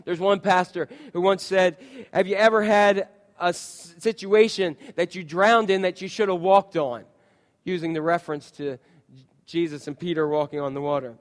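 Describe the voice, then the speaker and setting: A man's voice: sits high, fairly even intonation, normal speed, big-room sound. A male pastor in his thirties preaching a sermon in a church, conversational and anecdotal, acting out quotes as he tells stories. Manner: conversational, storytelling with voiced quotes.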